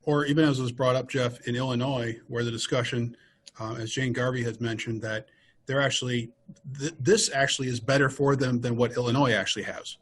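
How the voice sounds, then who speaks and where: A man's voice: medium pitch, fairly even intonation, fairly quick. A man co-hosting a webinar, talking casually to listeners he calls folks.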